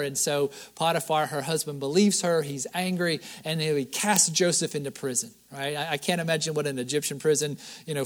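A man preaching a sermon, retelling a Bible story in a lively conversational way with frequent asides. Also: fairly high pitch. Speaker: pastor.

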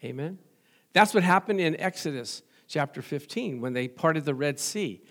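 A man's voice: fairly high pitch, animated, moderate pace, a bit bright. A middle-aged male pastor preaching a sermon in a folksy, joking way, often asking the congregation for an amen.

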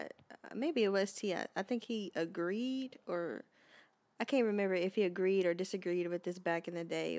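A woman's voice: medium pitch, darkish tone, no room sound. Argumentative woman in dry close sound. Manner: argumentative, pushes back. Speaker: podcast co-host. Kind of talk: casual chat.

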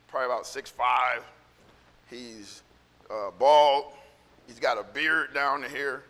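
In a church sanctuary with long hall reverb, a male pastor with a sharp, mid-range voice preaches casually. His rambling story has many restarts and builds into fervent, repeated encouragement.

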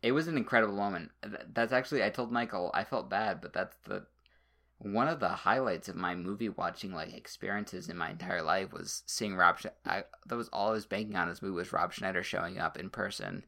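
A man with a fairly low voice and a bright, forceful edge. He co-hosts a podcast and recaps a movie in loose, rambling chat, stumbling over restarts and dropping the occasional swear word. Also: a little fast, gravelly. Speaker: podcast co-host.

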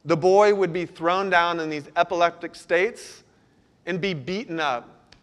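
Male pastor, slightly high voice, earnest sermon delivery with pleading prayer lines. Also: measured pace, a bit bright, clear, resonant tone.

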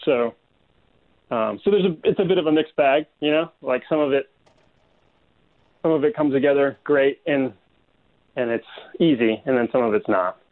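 A man's voice: mid-range voice, normal speed, pauses often. A man being interviewed as a guest artist, speaking hesitantly with many ums. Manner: hesitant, soft-spoken, full of ums. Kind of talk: casual interview chat. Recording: tinny phone-like line.

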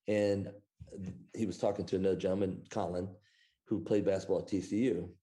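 A man from Iowa speaks as an interview guest with a lowish, mellow voice. He rambles through his stories, full of "uh"s and restarts. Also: flat delivery, brisk. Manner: rambling, filler-heavy, lots of "uh" and restarts. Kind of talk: anecdotal storytelling in conversation.

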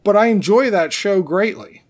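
A man's voice: high-pitched, expressive, normal speed. A man co-hosting a casual chat show, joking around while explaining trivia at length. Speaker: podcast co-host.

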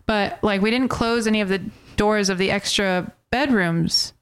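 A young American woman tells a trip story among friends, lively and joking, with a smooth, resonant voice. The sound is close and dry. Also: mid-range voice, moderate pace, dry recording. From United States. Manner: animated storyteller, playfully puts on accents. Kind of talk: casual chat about a trip.

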